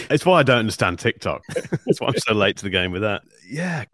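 A man's voice: fairly low pitch, big pitch swings, normal speed, fairly bright tone, dry recording, clean studio sound. A man in his forties from England with a neutral English accent, a podcast guest talking in a reflective, self-deprecating way. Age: 40s. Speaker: guest YouTube creator. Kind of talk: casual podcast chat.

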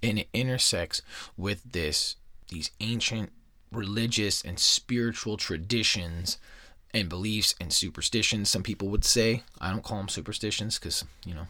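A man with a very low voice hosts a podcast and tells strange stories in a loose, rambling way. He swears constantly and cuts himself off mid-sentence. The sound is dry and close, with no room around it. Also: pushed and bright, no room sound. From United States. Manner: profane, rambling, self-interrupting. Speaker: podcast host. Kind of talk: casual podcast storytelling.

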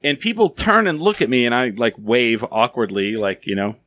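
Lively man telling stories. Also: medium pitch, normal speed. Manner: animated storyteller, acts out quotes. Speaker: podcast host. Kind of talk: casual chat.

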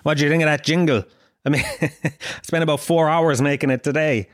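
A man in his thirties with a Dublin Irish accent, ranting and swearing on his own solo podcast, mock-indignant and animated. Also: a little high, a little fast, over music. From Ireland. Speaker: podcast host. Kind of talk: casual solo podcast rant.

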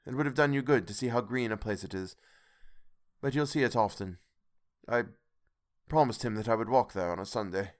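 A man reading an audiobook, voicing a gentle, earnest working father who speaks with tender emotion. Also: medium pitch, a little fast, pauses often, natural voice. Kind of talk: audiobook character voice.

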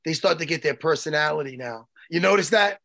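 A man co-hosting a podcast in casual banter, animated and joking, swearing freely. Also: a little high, a little fast, vocal fry. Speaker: co-host.

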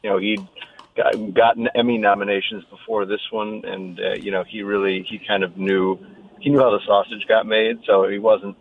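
A man calling in as a guest on a phone line, thoughtful and halting as he explains. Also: fairly low pitch, flat delivery, creaky. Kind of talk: phone interview. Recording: tinny phone line with faint hiss.

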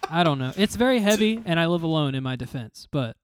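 A man in a casual chat, making wry, deadpan asides. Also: on the high side, fast talker.

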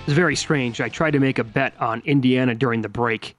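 A man's voice: mid-range voice, brisk, soft background music. A man co-hosting a sports betting show from a casino studio, chatty and jokey, thinking aloud as he talks. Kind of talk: casual sports talk.

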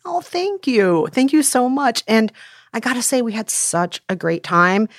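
Chatty woman co-host, enthusiastic casual storytelling, mid pitch, dry close-mic sound. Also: big pitch swings, measured pace, no room sound. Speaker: podcast co-host.

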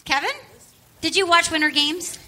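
A woman hosting a podcast, giggly, gossipy and excitable in casual chat. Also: very high voice, normal speed. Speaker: podcast host.

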